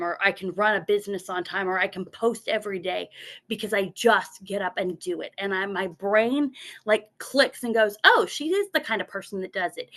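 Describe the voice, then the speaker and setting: A woman's voice: medium pitch, a bit bright. Earnest motivational woman speaker. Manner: earnest, repeats words, mimics her inner voice. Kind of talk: motivational talk from notes.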